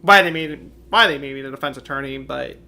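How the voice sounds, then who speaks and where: A man streaming a video game, giving joking, animated commentary. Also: mid-range voice, a little fast, vocal fry. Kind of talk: let's-play commentary. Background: game music.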